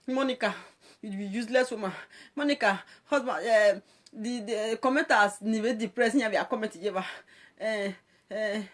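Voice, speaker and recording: A Nigerian woman hosting a live video rant into her phone, her voice sitting a little high. She mocks and scolds the people who called in. She breaks into laughter again and again between jabs. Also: moderate pace. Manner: mocking, scolding, laughs often between lines. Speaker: social media presenter.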